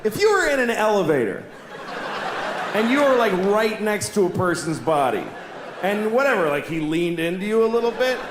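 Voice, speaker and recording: A man doing a stand-up routine, exasperated and building to shouted rants. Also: high voice, big pitch swings, normal speed. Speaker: stand-up comedian. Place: comedy stage. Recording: echoey venue with audience noise.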